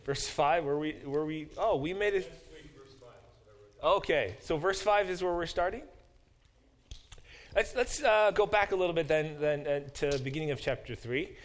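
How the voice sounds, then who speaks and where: A male professor teaches a Bible class in a fairly high-pitched voice at normal speed, pausing often. His lecture is full of fillers and restarts, and he reads verses aloud and then explains them.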